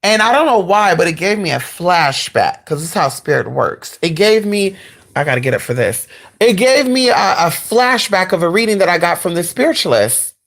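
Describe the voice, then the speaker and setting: A woman with a low-pitched voice tells a personal story straight to her audience. She talks loosely and casually, swearing freely and calling her viewers y'all. When the story gets exciting, her voice leaps far up in pitch. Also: moderate pace. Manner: voice jumps much higher when excited. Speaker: spiritual vlogger.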